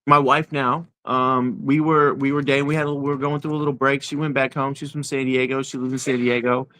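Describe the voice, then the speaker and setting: A man in his forties, an interview guest telling his personal story in a halting way, repeating words as he goes. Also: medium pitch, level tone, a bit bright, dry recording.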